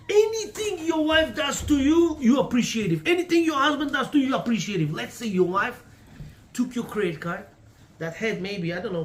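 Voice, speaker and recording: A man's voice: high voice, slight background noise. A man teaching a class on marriage, preachy and emphatic, in broken English with lots of repetition. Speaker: religious teacher. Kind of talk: Torah class talk on marriage.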